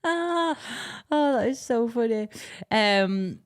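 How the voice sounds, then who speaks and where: A woman's voice: on the high side, expressive, takes it slowly. Chatty woman podcast host. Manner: chatty, rambling, laughs often. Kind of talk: casual chat.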